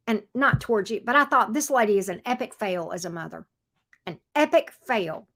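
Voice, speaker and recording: Chatty blunt woman with a twang. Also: high-pitched. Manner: chatty, blunt, reads viewer comments aloud. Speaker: tarot reader livestream host. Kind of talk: casual livestream chat.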